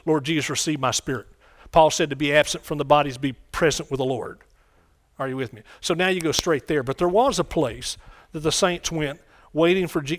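A man preaching a sermon in a conversational way, often repeating phrases and asking the congregation questions. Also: a little high.

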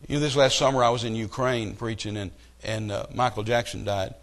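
Preacher, middle-aged man, animated storyteller, builds to loud emphatic peaks, mid-pitched voice. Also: a little fast. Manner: animated storytelling with rising outbursts. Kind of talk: sermon.

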